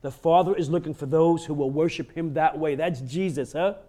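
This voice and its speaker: A man preaching a sermon, pleading with the congregation and rising to fervent emphasis, often tossing in a quick "huh?". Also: on the high side, mellow. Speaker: pastor.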